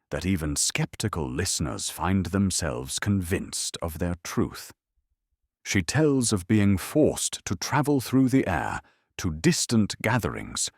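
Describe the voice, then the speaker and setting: Deep husky sleep-story narrator, man. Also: no room sound, clean studio sound. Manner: slow, soothing, measured storytelling.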